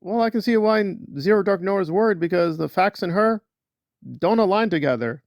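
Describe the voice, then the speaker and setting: A man's voice: high voice, a little fast, dry recording, studio quality. A man doing sarcastic, mocking online commentary as a vlogger.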